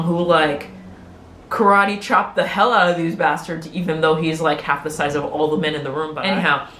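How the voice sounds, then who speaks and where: A woman's voice: on the low side, echoey room, slight background noise. A woman chatting casually as she recaps a TV episode, acting out the characters' lines and laughing often. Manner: animated storytelling, acts out quotes, laughs often.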